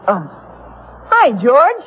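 A woman's voice: high voice, huge pitch swings, a little hiss or hum, full character voice. A woman voicing a brash, scheming schoolboy ringleader who gives the orders, in 1940s radio acting style. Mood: mocking. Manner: bossy, mocking, quick to give orders. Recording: muffled old radio broadcast.

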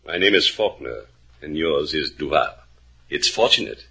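An actor playing a suave, menacing male villain, slow and sardonic with a husky voice, in 1940s radio acting. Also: very deep voice, animated, sharp tone, full character voice.

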